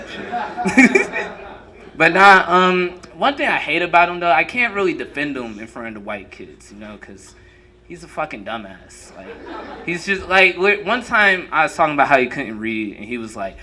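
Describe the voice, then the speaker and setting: A man's voice: fairly high pitch, sharp tone. A young man performing a profane, crowd-teasing stand-up comedy set on a club stage. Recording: noisy live room recording.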